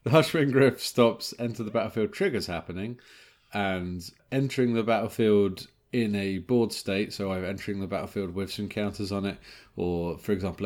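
Chatty man, low voice. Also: a little mellow. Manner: chatty and quick, laughs often. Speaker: podcast co-host. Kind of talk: casual chat.

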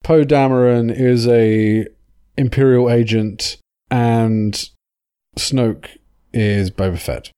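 A man's voice: medium pitch, steady tone, slow, warm tone, clear, resonant tone. A man hosting a podcast in casual chat, jokey and rambling, laughing often. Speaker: podcast host.

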